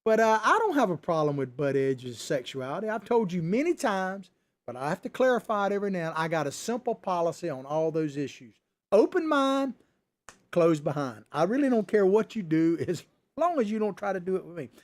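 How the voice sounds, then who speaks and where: A talk show host man rants through a political monologue in a high voice. He is sarcastic and chuckles often. His pitch swings widely, from high jabs down to low, dry asides. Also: big pitch swings, a little fast. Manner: sarcastic, ranting, with frequent chuckles.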